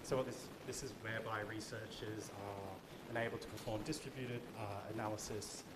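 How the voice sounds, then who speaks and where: A man with an Australian accent giving a research pitch talk at a conference, loose, with fillers and self-corrections. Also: steady tone, fairly quick. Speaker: conference presenter. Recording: echoey room with clear noise.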